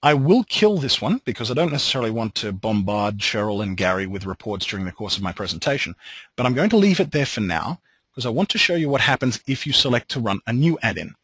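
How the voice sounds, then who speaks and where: An Australian man leading a software training webinar, explaining steps with relaxed joking asides. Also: medium pitch, fast, slightly rough, dry recording, rough recording.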